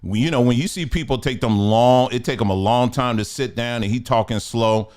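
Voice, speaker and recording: A man's voice: mid-range voice, a little fast, a little mellow. A man hosting a casual commentary show, talking in a blunt, emphatic, colloquial way.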